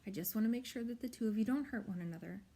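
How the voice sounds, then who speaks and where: A woman's voice: a little high, very fast. Woman doing a soothing old witch. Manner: soothing, gently teasing.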